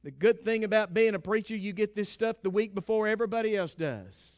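A man's voice: high-pitched, brisk, dry recording. A man preaching a sermon with fervent emphasis, calling out to his congregation for amens.

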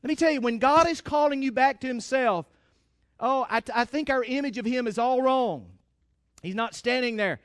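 A man's voice: very high-pitched, moderate pace, dry recording, clean studio sound. A man preaching a sermon with fervent emphasis, calling out to his congregation for amens.

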